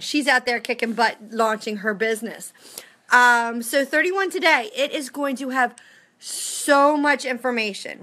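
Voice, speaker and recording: A woman's voice: high-pitched, bright, forceful tone. A woman in her thirties, speaking to her sales team in a casual motivational vlog from home. She is upbeat and chatty and keeps checking in with "okay?" and "right?". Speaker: direct sales team director. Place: home with family nearby.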